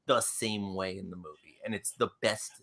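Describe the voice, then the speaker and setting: A young man co-hosting a live comics stream, rambling and excitable, laughing often. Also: low-pitched, moderate pace, gravelly. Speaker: co-host of a comics show.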